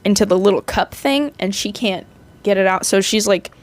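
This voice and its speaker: A woman's voice: medium pitch, moderate pace. A young woman casually recapping a movie, chatty and rambling, with frequent restarts and playful asides.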